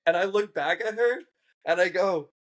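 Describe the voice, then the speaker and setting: A man who is a podcast guest, telling a story in a casual, animated way, swearing freely and acting out what others said. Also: sits high, normal speed. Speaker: podcast guest, game show contestant.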